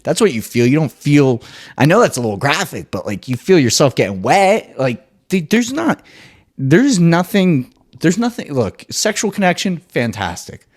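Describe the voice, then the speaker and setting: A man hosting his own podcast, ranting solo in an excitable, profane, rambling way. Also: on the high side, moderate pace. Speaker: podcast host.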